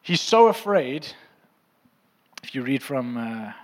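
A man's voice: mid-range voice, sing-song, slow pace. A man preaching a sermon to his congregation, fervent and playful, teasing the room now and then. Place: church auditorium. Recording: long hall reverb in a church.

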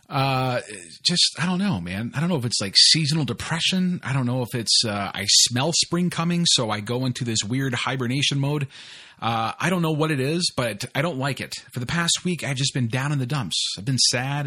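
Man, forties, podcast host, rambling, filler-heavy, mid-pitched voice. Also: pushed and bright. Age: 40s. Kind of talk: casual solo podcast intro.

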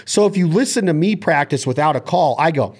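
A man's voice: fairly high pitch, expressive, fairly quick, darkish tone, breathy edge. A man hosting a casual chat on duck calling, speaking with enthusiasm and sometimes breaking into vocal call sounds. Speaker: podcast host.

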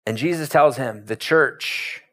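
A man's voice: mid-range voice, a little slow. Conversational male pastor preaching. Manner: conversational, animated storytelling. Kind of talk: sermon.

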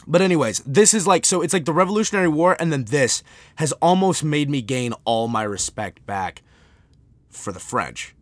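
An American man hosting a podcast, ranting off the cuff in an animated, sarcastic way, full of restarts. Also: a little high, no room sound. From United States. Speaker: podcast host. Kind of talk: unscripted comedic rant.

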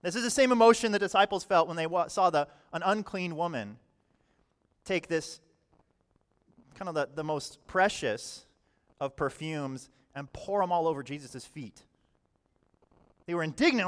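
A man preaching a sermon in a conversational way, often saying "all right" and swinging between quiet and loud passages. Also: on the high side, animated, normal speed, long pauses. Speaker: pastor.

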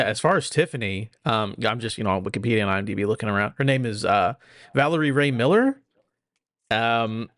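A man in a casual podcast chat, relaxed and hesitant, with many fillers. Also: fairly low pitch, dry recording, clean studio sound. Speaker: podcast co-host.

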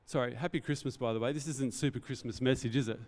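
This pastor delivers a Christmas sermon earnestly and reflectively, often going off his notes to speak off the cuff. He talks fast in a steady, mid-range, darkish voice, and the sound suggests a big room.

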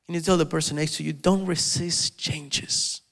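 Animated preacher in a reverberant hall. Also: male voice, fairly high pitch, moderate pace, creaky. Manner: animated, acts out quoted voices. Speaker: pastor. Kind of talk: sermon. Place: church hall.

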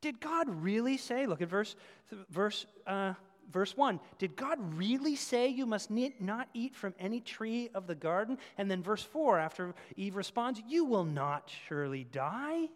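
Animated preacher in a reverberant hall. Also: male voice, high-pitched, a little slow. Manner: animated, acts out parents and kids in voices. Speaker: pastor. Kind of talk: sermon.

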